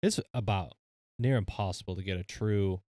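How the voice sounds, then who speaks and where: A man's voice: low-pitched, normal speed, mellow, no room sound, clean studio sound. A man co-hosting a podcast, tired late at night, talking in a laid-back, rambling way and laughing often. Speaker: podcast co-host. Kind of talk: casual chat. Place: shop.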